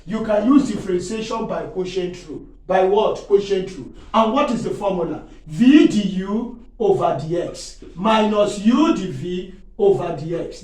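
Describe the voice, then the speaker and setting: A man's voice: sits high, darkish tone. A male maths teacher working through calculus problems, quizzing his listeners with leading "what?" prompts and often checking whether they are still following. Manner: checks in often and exclaims to himself. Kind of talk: classroom-style maths lesson. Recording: very echoey room, far from mic.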